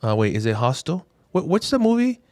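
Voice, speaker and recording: A man's voice: on the high side, sing-song, brisk, darkish tone, no room sound, studio quality. A man co-hosting a dental podcast, talking casually and animatedly retelling stories while quoting other people. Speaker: podcast co-host.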